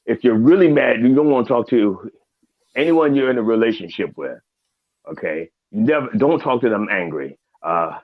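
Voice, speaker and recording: A man's voice: mid-range voice, lively intonation, normal speed, dry recording, phone-quality sound. A man playing a crude older reverend character, rambling and profane with preacher-like asides, in a studio. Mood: mixed. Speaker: comedic guest in character. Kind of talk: improvised comedy in character.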